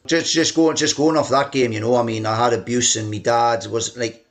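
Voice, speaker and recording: A man yarns away as a podcast guest about his football days. He talks in a loose, chatty way, full of "you know" and "like", and now and then puts on a boss shouting down the phone. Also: mid-range voice, fairly even intonation, normal speed. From England. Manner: mimics a shouting chairman in quoted lines. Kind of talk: casual storytelling interview.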